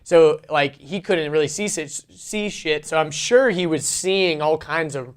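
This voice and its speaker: A man hosting a podcast, telling a story in an animated, casual way, swearing often and laughing. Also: fairly high pitch, a little slow, clean tone. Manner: animated, swearing, lots of fillers, laughs while telling stories. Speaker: podcast host.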